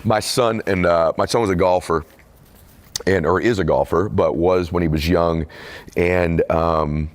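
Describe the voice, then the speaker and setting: A man's voice: low voice, steady tone, a little slow. A middle-aged man in a candid interview, telling a personal story in an earnest, confessional way. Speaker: podcast host and author being interviewed.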